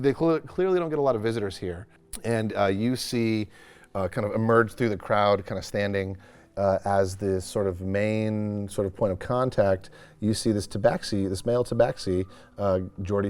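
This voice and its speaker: A man's voice: lowish voice, darkish tone, smooth. A man running a tabletop game as game master, narrating in a casual, rambling way with many restarts.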